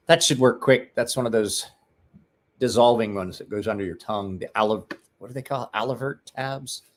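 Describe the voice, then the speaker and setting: A man's voice: mid-range voice, normal speed, long pauses, slight background noise. Profane rambling livestream guy. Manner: rambling, profane, joking asides to chat. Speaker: livestream host. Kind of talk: casual livestream chat.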